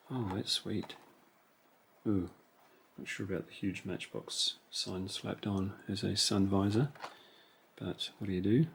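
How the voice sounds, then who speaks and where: Musing over each model as he unboxes it, a man talks casually to himself about his toy car collection. He speaks fairly low with vocal fry, and there's a bit of background noise.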